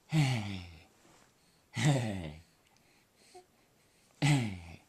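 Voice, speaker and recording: A father at home at night, talking baby talk to his infant in a gentle, coaxing way and repeating short questions. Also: fairly low pitch, wildly swooping pitch, slow, pauses often. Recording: noisy home video.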